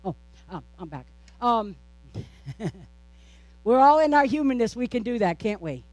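A woman pastor delivers a sermon in a steady, repetitive preaching rhythm, posing rhetorical questions and slipping in playful jokes at her own expense. Her voice is fairly high and a little slow, with no room sound.

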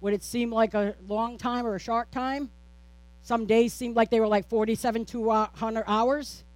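A woman preaching from the pulpit keeps an even, repetitive cadence, asking rhetorical questions and making playful remarks about herself. She sounds a little high and talks at a normal speed.

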